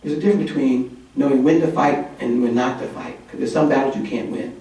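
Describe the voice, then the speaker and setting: A man's voice: mid-range voice, steady tone, fast talker, warm tone, natural voice. A man speaking as a wise, reassuring male wizard during a conference talk, heard from far off in an echoey hall. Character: smooth-talking male wizard giving advice.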